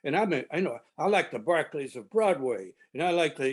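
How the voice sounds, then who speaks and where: An older man tells a story in a rambling way, stopping and restarting as he goes. His voice sits a bit high. The talk is relaxed and chatty. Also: husky. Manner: rambling, halting anecdote telling. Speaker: panel guest reminiscing. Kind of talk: casual storytelling.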